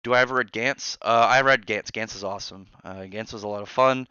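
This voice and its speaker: A man hosting a casual live stream from his barracks room, rambling through chat with quick asides and restarts. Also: fairly low pitch, pushed and bright, clear, resonant tone, no echo. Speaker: streamer host reading chat. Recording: dull lo-fi sound.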